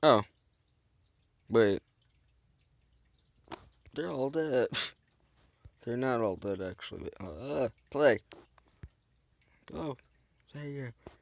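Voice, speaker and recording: A gameplay video host drags out his words and leaves long pauses while giving goofy, rambling let's-play commentary, joking about himself and adding silly sound effects. His mid-range voice is gravelly, with lively intonation.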